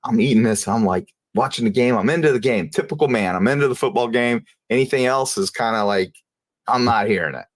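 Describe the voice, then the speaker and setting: A man telling a personal story in an interview, in a casual, halting way, often repeating and restarting phrases. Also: medium pitch, no room sound. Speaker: interview guest.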